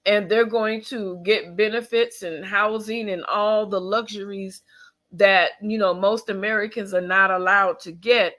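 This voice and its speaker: Reading a news passage aloud, a yawning, tired vlogger breaks off to give strong, pointed opinions. Their medium-pitched, steady voice is a little slow, bright, and forceful, and the emphatic talk is loose, full of fillers and restarts.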